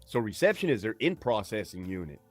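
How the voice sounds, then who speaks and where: A man's voice: lowish voice, sing-song, brisk, no echo, faint music behind. A man in his forties from California, telling his story as a guest in a casual, slangy, profane way. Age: 40s. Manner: laid-back, slangy, profane. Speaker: guest, army veteran.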